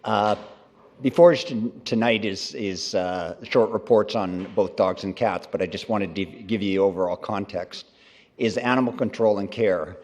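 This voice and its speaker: A man's voice: fairly low pitch, moderate pace, a little mellow. A man presenting a staff report to a city council, hesitant with many fillers and restarts. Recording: long reverb of council chamber.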